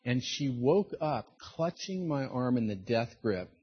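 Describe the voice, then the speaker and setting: A middle-aged man preaching a sermon, telling personal stories in an animated way and acting out the voices of the people in them. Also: medium pitch, measured pace, slightly rough, highs cut off. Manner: storytelling, animated, acts out quoted voices. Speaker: pastor.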